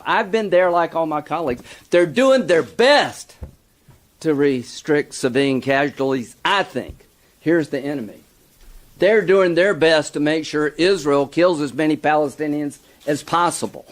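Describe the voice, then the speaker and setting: Forceful man giving a political speech. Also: a little high, animated, unhurried. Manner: forceful, rising to emphatic outrage.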